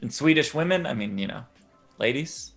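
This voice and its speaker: A man's voice: mid-range voice, lively intonation, moderate pace, fairly bright tone, faint music behind. A man from the United States co-hosting a poker stream, wry and self-deprecating, reading chat comments aloud. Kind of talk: casual banter commentary.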